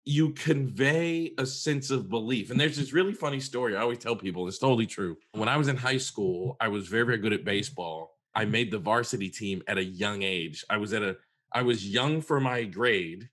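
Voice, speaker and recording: A man's voice: lowish voice, brisk, a bit bright. Earnest man telling a story. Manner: earnest, emphatic, repeats words for stress. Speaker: therapist and podcast co-host. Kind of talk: conversational storytelling.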